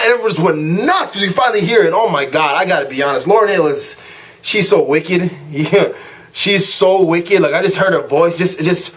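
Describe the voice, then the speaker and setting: A young man ranting casually to camera as a vlog host, telling a story in an animated way and acting out what people said, with frequent fillers and restarts. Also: sits high.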